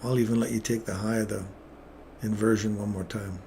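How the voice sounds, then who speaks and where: A middle-aged man giving excitable, self-mocking live commentary on his own trades as he makes them. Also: on the low side, brisk, creaky, a little hiss or hum.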